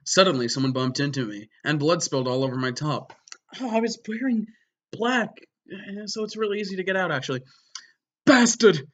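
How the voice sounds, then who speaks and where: A man giving a mock-dramatic reading of a story, breaking off for wry, deadpan sarcastic asides. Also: on the high side, fairly quick. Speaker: comedic reader.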